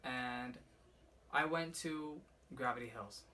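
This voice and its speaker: A man's voice: medium pitch, slow, pushed and bright. Rambling young man telling a ghost story. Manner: rambling, profane, heavy use of "like". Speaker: vlogger. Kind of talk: casual storytime vlog. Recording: slightly distant mic with faint room noise.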